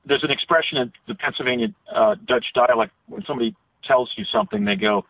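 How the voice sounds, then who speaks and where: A man's voice: mid-range voice, lively intonation, fast talker. A man being interviewed by phone, telling a detailed story with frequent restarts and self-corrections. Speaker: interview guest. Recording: tinny phone line.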